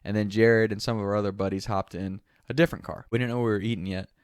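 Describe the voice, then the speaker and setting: A man's voice: lowish voice, quick pace, smooth, dry recording, clean studio sound. Casual laughing young man telling a story. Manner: laughs through the telling, animated. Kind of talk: casual anecdote.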